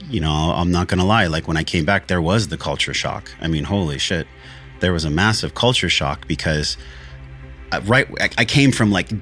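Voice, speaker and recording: Low-voiced male podcast host, earnest and heartfelt, casual and profane, faint music under him. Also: a bit bright. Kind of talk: solo podcast monologue.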